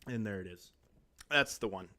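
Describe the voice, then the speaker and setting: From a home desk with a mic on a stand, a man chats casually during a live game stream. His voice sits on the low side with a sharp tone and a moderate pace, and he rambles, interrupts himself, and restarts sentences in a chatty way.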